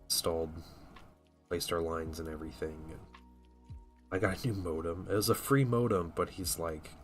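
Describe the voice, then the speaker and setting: A man's voice: low-pitched, moderate pace, faint music behind. A man live-streaming from his home hobby room, rambling casually to his chat viewers while painting miniatures. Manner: rambling and chatty, full of "like" and restarts.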